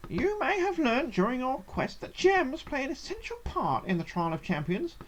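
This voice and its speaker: A woman's voice: sits high, big pitch swings, normal speed, slight background noise, voice pushed up. A woman voicing a cheerful, courteous little male gnome who runs a trial, with dull lo-fi stream audio. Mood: cheerfully formal.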